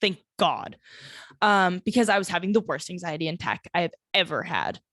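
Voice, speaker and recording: A woman's voice: on the low side, big pitch swings, normal speed, fairly bright tone, no echo, studio quality. A woman in her twenties hosting a solo podcast from her family home, telling a personal story in a candid, rambling way, with lots of "like" and free swearing. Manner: candid and rambling, heavy use of "like", swears freely. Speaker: podcast host.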